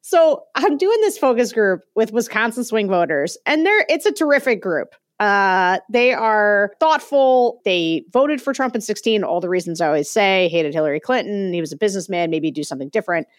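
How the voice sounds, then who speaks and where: Animated woman telling a story. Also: mid-range voice, moderate pace, hardly any pauses, no echo, clean studio sound. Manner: animated storytelling, laughs often. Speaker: podcast co-host. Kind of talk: casual political chat.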